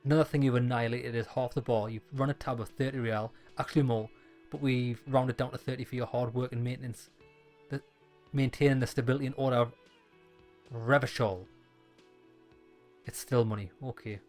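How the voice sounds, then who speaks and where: A man's voice: mid-range voice, fairly even intonation, fairly quick, long pauses, darkish tone, soft background music. A man playing a dialogue-heavy game, reading the lines aloud and adding wry jokes. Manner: wry, joking asides between read lines. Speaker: gaming YouTuber.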